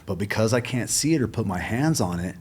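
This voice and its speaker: A man's voice: lowish voice, expressive, brisk, a little mellow, slight background noise. A middle-aged man telling his story as a guest in a casual interview, acting out the dialogue and swearing freely. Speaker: podcast guest.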